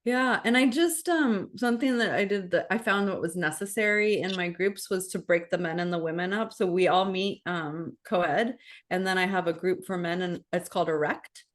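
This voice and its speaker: A woman with a low voice talks through a video call as a wellness coach. She speaks frankly and earnestly, circling back on herself with restarts as she explains her work. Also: moderate pace. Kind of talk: casual talk on a group video call.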